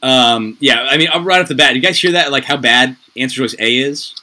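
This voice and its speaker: Upbeat man tutoring over a noisy call. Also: medium pitch. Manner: upbeat, coaching, quick asides and laughs. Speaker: SAT tutor. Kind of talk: online tutoring session. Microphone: video call. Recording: noisy online call audio.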